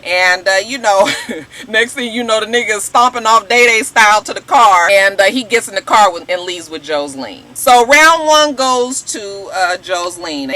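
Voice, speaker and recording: A woman vlogger recapping a reality show episode in a casual, animated, slangy way, talking straight to her viewers. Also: medium pitch, rough recording. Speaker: YouTube show reviewer.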